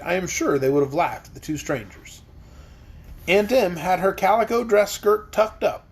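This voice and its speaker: A man narrating a children's storybook in an expressive reading voice. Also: sits high, husky. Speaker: audiobook reader.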